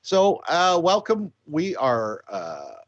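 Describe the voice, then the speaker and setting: A man's voice: on the high side, wildly swooping pitch, slow pace, no room sound, highs cut off. A tired Canadian man hosting a casual show, grumpy and dry, swearing now and then. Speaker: podcast host. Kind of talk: casual chat.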